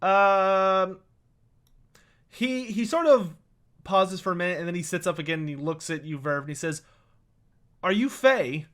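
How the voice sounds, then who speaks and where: A man's voice: high-pitched, steady tone, moderate pace, a bit bright. A man narrating a tabletop game as game master in a chatty way, with lots of fillers.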